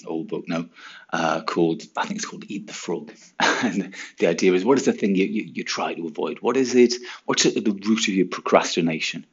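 A man's voice: low voice, vocal fry, slightly rough, muffled recording. A male teacher talking through a casual solo podcast, chatty and rhetorical, with frequent asides like "right" and "okay".

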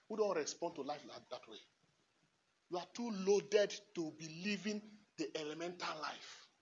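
A man preaching a homily as a priest in church. He repeats phrases emphatically and swings from hushed asides to shouts, laughing often. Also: fairly high pitch. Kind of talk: impassioned homily. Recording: dull lo-fi recording.

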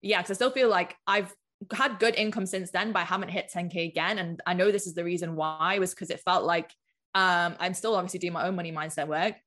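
Chatty woman with a low voice. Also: steady tone, a little fast, fairly bright tone. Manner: chatty, lots of filler "like". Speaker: guest, business mentor. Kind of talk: casual podcast chat.

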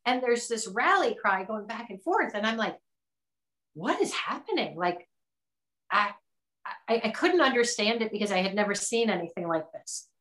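A woman founder recounts her experiences as an interview guest, animated and quick to act out what others said. Her pitch sits in a middle range. The room around her rings with noticeable echo. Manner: animated, acts out quotes, many restarts. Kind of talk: conversational storytelling. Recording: roomy echo.

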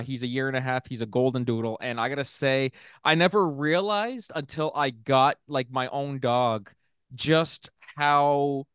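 A man's voice: medium pitch, fairly bright tone, clean tone, no room sound, clean studio sound. A man hosting a casual podcast interview, rambling with lots of fillers and restarts, laughing often. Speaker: podcast host.

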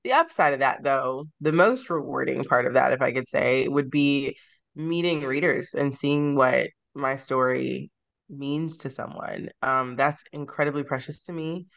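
A woman's voice: very deep voice, unhurried, creaky. A woman author being interviewed on a podcast, speaking in a reflective, sentimental way and laughing easily. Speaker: guest author.

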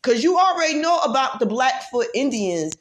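A woman vlogger in a heated, profane rant who drives her points home by repeating herself and swings between loud outbursts and low muttering. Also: big pitch swings, moderate pace. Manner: profane, emphatic, repeats phrases for force. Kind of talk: heated ranting monologue.

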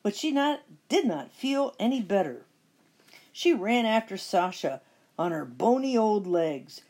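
A middle-aged woman reading a children's picture book aloud with expressive storytelling. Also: medium pitch, measured pace, slightly rough. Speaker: storybook reader.

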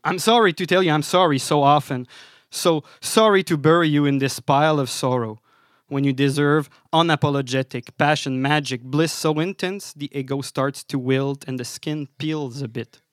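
A man's voice: fairly high pitch, moderate pace, no room sound, clean studio sound. A man with a French Canadian accent performing spoken word poetry on a live stage, with a wry, apologetic, rhythmic delivery.

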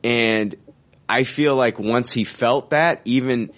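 A man co-hosting a casual fan podcast, excited and rambling, swearing now and then. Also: mid-range voice, slow. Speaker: podcast co-host.

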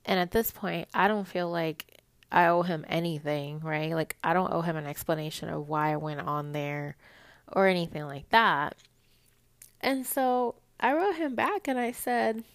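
Young woman, lowish smooth voice, dry close sound, casual storytime rant, swearing, riled up. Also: a little slow, no echo. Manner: animated, swears freely, gets heated. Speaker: vlogger.

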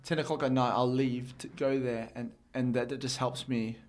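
A man's voice: medium pitch, level tone, moderate pace. Young man, casual chat, candid, rambling, mid-range voice. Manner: candid, rambling, repeats words.

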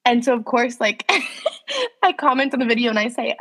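A woman's voice: fairly high pitch, big pitch swings, moderate pace, fairly bright tone, slightly rough, long reverb tail. A young woman in her twenties co-hosting a casual chat, telling stories with lots of laughs and "like". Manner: chatty, giggly, lots of "like". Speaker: podcast co-host. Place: New York.

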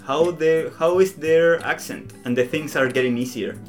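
A young man with a Latin American Spanish accent, his voice sitting a little high, chats in English as a guest. He hesitates and restarts a lot, then slips into quick acted-out snippets of dialogue. Guitar music plays softly behind him. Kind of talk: casual conversation.

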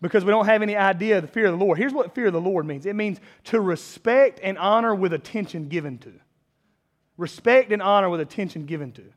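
A man's voice: sits high, quick pace. A man in his thirties preaching a sermon as a pastor, conversational and self-deprecating, building to emphatic peaks.

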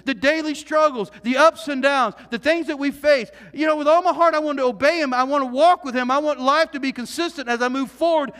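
A male pastor delivering an earnest, animated sermon, full of repeated phrases and questions put to the congregation. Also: very high voice, a little fast, few pauses. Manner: earnest, animated preaching with repetitions and rhetorical questions. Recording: reverberant hall.

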